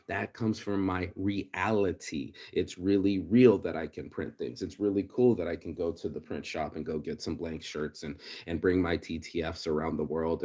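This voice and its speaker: A man's voice: low-pitched, a little mellow. A man delivering an unscripted, profane, ranting vlog monologue, restarting sentences and acting out quotes. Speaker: vlogger.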